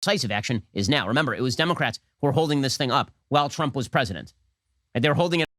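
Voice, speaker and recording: Rapid-fire male political commentator. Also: mid-range voice, expressive, fairly bright tone, no echo, studio quality. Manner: brisk, combative.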